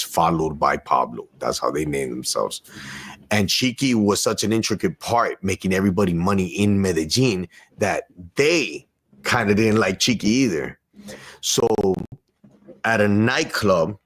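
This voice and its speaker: A man as an interview guest, telling a story in casual street slang and acting out the dialogue. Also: sits low. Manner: animated storyteller who acts out quoted dialogue; street slang, loose and profane.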